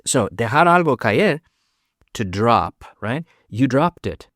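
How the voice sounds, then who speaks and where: Guy teaching english to spanish speakers, bouncy pitch, dry close mic, says lines over slow. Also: big pitch swings, fairly bright tone, dry recording. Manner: switches between English and Spanish, repeats sentences slowly for learners. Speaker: English teacher and podcast host. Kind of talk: bilingual language lesson.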